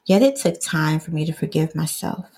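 A woman's voice: low-pitched, expressive, normal speed, warm tone, breathy edge. A woman from Detroit reading her own memoir aloud, earnest and personal, now and then stepping off the page for a casual aside. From Detroit, USA.

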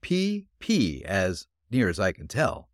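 A gruff middle-aged countryman, as a male narrator plays him, talking in a plain, folksy way. His voice rises and falls a lot. The recording is dry and close. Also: deep voice, huge pitch swings, slow pace, no echo, full character voice.

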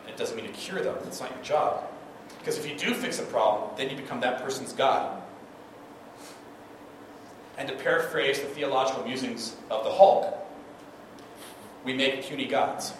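Here the pastor's voice sits in the mid range, and he moves at a moderate pace with frequent pauses. Preaching conversationally, he keeps asking the congregation "right?" Captured from far off, he rings through a highly reverberant hall over clear room noise.

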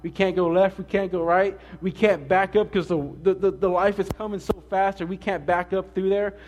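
A man preaching a sermon in a conversational way, mixing scripture with an animated personal story. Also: high voice, moderate pace. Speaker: pastor.

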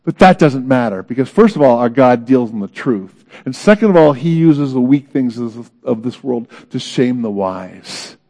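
A man preaching a sermon in an earnest, dramatic way, swinging between loud emphasis and hushed moments. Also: mid-range voice, animated, normal speed, few pauses. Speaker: pastor.

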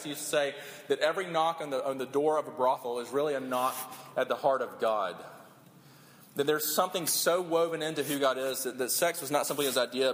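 A man's voice: mid-range voice, fairly bright tone. A man preaching a sermon as pastor, earnest, often repeating words as he builds his points. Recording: long hall reverb, faint room noise.

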